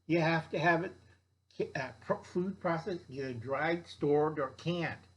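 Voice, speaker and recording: An older man lectures bluntly on survival gardening, his voice sitting a bit higher than most men's. He rambles, repeats himself and keeps checking that his listeners follow. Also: fairly even intonation, unhurried. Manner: blunt, lecturing, repeats "okay?" and mocks others in put-on voices. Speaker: survival vlogger. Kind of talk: rambling instructional monologue.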